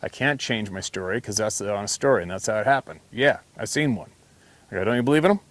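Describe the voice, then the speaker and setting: A man's voice: lowish voice, a little fast, a bit bright, dry recording. A man hosting a hunting channel, telling a story in a casual, earnest, emphatic monologue full of restarts.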